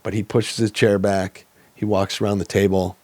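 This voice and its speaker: Deep-voiced man telling his story. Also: level tone, moderate pace, a little mellow, no echo. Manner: earnest, reflective, plainspoken. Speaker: podcast guest. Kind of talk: candid personal storytelling.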